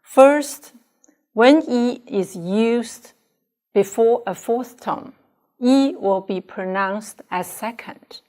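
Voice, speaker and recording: Slow, deliberate woman teaching pronunciation. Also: on the high side, a little mellow. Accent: Chinese. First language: Chinese. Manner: deliberate, models pronunciation for students to repeat. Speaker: Chinese language teacher. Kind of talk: slow, careful classroom instruction.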